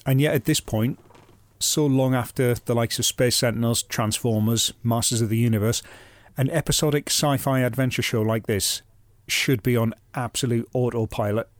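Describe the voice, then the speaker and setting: A man's voice: medium pitch, fairly even intonation, dry recording. Wry male podcast host. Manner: wry, measured, lightly sweary. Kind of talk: scripted narration and casual chat.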